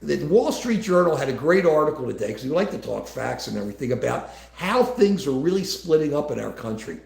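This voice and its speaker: A man's voice: on the high side, very animated, fairly quick, creaky. A man co-hosting a casual political livestream, talking in a rambling way with many restarts. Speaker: livestream co-host. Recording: echoey room.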